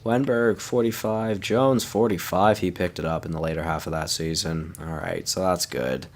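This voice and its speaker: A man's voice: sits low, normal speed. A young man casually commenting on his hockey video game franchise, tired and yawning, chatting to his viewers. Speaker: gaming YouTuber.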